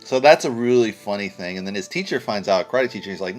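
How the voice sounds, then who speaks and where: A man's voice: on the low side, animated, fast talker, hardly any pauses, faint music behind. A man giving a casual spoken film review, blunt and rambling, with casual swearing. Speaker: movie reviewer.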